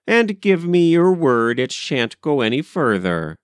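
A man's voice: fairly high pitch, big pitch swings, unhurried, smooth, no echo, voice pushed up. A man reading a story aloud, voicing a stern older woman housekeeper who speaks in a prim, reproving way.

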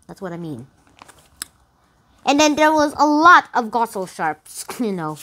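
Animated rambling woman reviewing a book. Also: slow pace, pauses often. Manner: rambling, loose, full of fillers and "literally"; animated, with sudden high pitch jumps. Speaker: book review channel host. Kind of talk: casual book review talk.

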